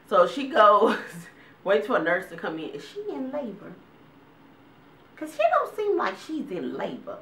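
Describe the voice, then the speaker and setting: A woman's voice: on the low side, a bit bright, roomy sound, far from the mic. A woman, telling stories casually to her viewers, acting out quotes with big jumps in voice and frequent laughs. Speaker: vlogger giving a weight update.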